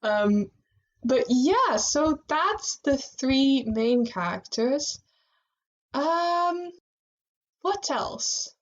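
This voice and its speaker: A woman co-hosting a casual fan podcast, talking in an animated way with frequent laughs and fillers. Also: high-pitched, very slow. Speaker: podcast co-host. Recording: muffled lo-fi sound.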